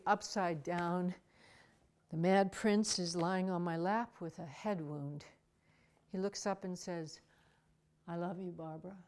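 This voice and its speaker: An older woman telling a personal story in a wry, dramatic way, soft music behind her. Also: fairly low pitch. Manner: wry, dramatic, with acted asides.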